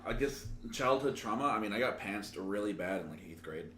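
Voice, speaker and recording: A man's voice: on the low side, lively intonation, brisk. A man joking dryly on a casual podcast, telling a story of being pantsed in school. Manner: dry, joking one-liners. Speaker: podcast co-host. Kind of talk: casual banter. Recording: echoey room with loud noise.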